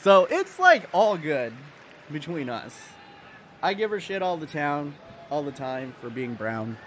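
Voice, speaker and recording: Young man, American accent, livestream host, casual chat, answers viewer comments, fairly high voice, very lively pitch. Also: a little slow, a little hiss or hum.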